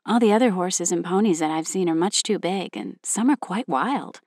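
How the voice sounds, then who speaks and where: A woman's voice: fairly low pitch, normal speed, a little mellow, no echo, studio quality, close to an everyday voice. A woman voicing a friendly young mother in a storybook reading, talking in a chatty way.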